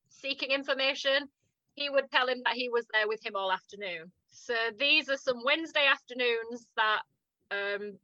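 A woman's voice: high voice, sharp tone, no echo, muffled recording. A woman with a northern English accent, chatting animatedly as a podcast co-host and laughing often. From northern England. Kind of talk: casual chat recapping a TV drama.

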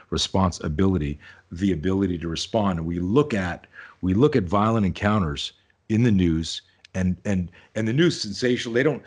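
A man's voice: sits low, husky. A man who teaches self-defense, a guest on an interview show, telling stories in a rambling, casual way with frequent restarts and free swearing.

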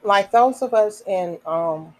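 Woman podcaster reading off health info, slow and careful, lots of ums, stops to chat a bit. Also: mid-range voice, darkish tone, low-quality recording. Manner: reads slowly with fillers and self-corrections; adds casual asides. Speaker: podcast host. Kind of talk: reading health information aloud.

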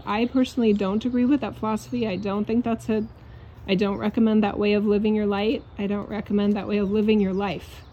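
Woman, spiritual coach, outdoor vlog; blunt, swearing, laughing pep talk with a soft hiss of outdoor air behind. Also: medium pitch. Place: outdoors in a yard.

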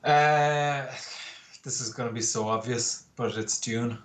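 A man's voice: mid-range voice, slow pace. A man, a guest in casual chat, opinionated and talkative with plenty of ums and uhs. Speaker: podcast guest. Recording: faint background noise.

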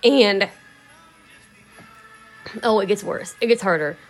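A woman talks to her camera in a loose, rambling way, swearing freely and breaking into laughs. Her voice sits in a middle pitch, and soft music plays faintly behind her. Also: takes it slowly. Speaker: vlogger. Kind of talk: casual emotional storytelling.

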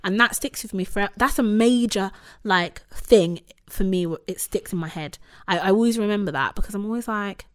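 A woman in her thirties speaks in an unhurried, medium-pitched voice. She tells a personal story candidly and animatedly, full of "like" and "you know". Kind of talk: casual conversation.

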